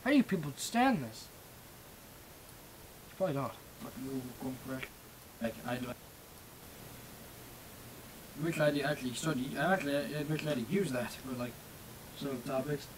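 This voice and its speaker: A man's voice: mid-range voice, animated, moderate pace, pauses often, noisy background. A man ranting casually on a live stream through a webcam mic. He swears often, rambles, and has a speech impediment with sh and ch sounds. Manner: profane, rambling, self-deprecating. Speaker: Minecraft server staff streamer. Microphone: webcam microphone.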